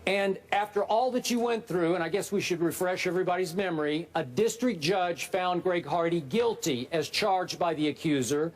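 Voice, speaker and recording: A man's voice: high voice, normal speed, few pauses. A man co-hosting a sports debate show in a TV studio, sounding indignant and exasperated.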